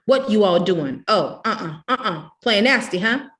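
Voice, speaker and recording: A woman's voice: medium pitch, lively intonation, moderate pace, fairly bright tone, echoey room, far from the mic, pitched above the performer's own voice, lightly acted. A woman reading aloud, voicing a stern mother who scolds her daughters. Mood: scolding.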